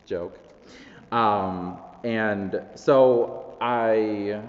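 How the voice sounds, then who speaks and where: A man's voice: fairly low pitch, darkish tone, a little hiss or hum. Guy preaching casually, lots of ums, slightly dull sound, big echoey church. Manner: chatty, self-deprecating, many fillers. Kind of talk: conversational sermon. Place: large church hall.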